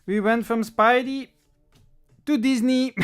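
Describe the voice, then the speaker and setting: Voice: mid-range voice, steady tone, takes it slowly, clear, resonant tone, soft background music. A livestream host chatting casually with viewers while opening trading card packs, thinking aloud and reading the chat. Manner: thinks aloud with small self-corrections.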